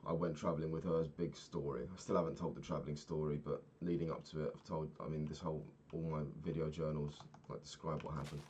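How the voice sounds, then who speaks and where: A young man talks through his day in a loose, rambling video diary. He swears freely and laughs often. His voice sits very low, with faint typing and a slight hiss under it. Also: little pitch movement, fast talker, hardly any pauses, darkish tone. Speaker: vlogger. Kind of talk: casual video-diary chat while gaming.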